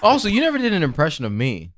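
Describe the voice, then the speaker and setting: A man's voice: a little high, huge pitch swings, very fast, fairly bright tone, a little hiss or hum. A man co-hosting a podcast in casual chat, joking and teasing the others. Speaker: podcast co-host.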